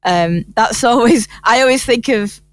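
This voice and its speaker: A woman hosting a podcast interview, curious and quick to laugh, jumping in with questions. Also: on the high side, no echo, clean studio sound. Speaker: podcast host. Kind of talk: casual interview chat.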